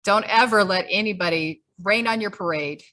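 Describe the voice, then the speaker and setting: A woman wrapping up a community meeting over a video call, talking in an emphatic, conversational way. Her voice is bright and forward, and it keeps an even, everyday pitch. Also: normal speed. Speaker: grassroots group leader. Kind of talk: closing remarks at an online meeting.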